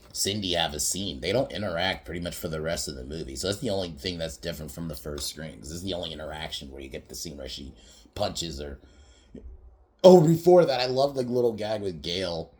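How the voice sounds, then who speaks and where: A man casually recapping a comedy film on a podcast, rambling with lots of fillers, swearing freely and laughing often. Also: sits low. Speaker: podcast movie reviewer.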